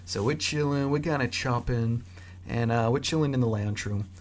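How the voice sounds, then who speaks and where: A young man telling a casual story in an animated, slangy way. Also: mid-range voice, moderate pace, noisy background. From Australia. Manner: animated, slangy, acts out voices.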